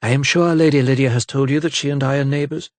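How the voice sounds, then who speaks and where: A man's voice: medium pitch, fairly even intonation, fast talker, no echo, lightly acted. A man voicing a haughty, flirtatious eighteenth-century noblewoman in an audiobook, coquettish and sweetly poisonous. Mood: coy, sweet. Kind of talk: audiobook character voice.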